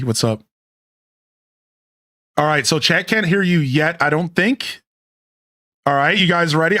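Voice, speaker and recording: A man's voice: on the high side, a bit bright, no echo, studio quality. A man hosting a live game stream, chatting casually and thanking viewers as he goes.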